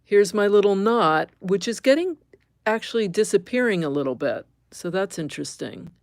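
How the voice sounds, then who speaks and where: A woman's voice: medium pitch, animated, moderate pace, no echo. A middle-aged woman teaching embroidery on a live stream, thinking aloud as she stitches, correcting herself and chatting with viewers.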